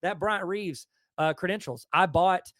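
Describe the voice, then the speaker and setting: A man with a Southern US accent and a fairly high voice talks as a host in easygoing chat. He tells stories with enthusiasm. The sound is close and dry, with no room around it. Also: a little slow, fairly bright tone, dry recording. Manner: enthusiastic storytelling. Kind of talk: casual conversation.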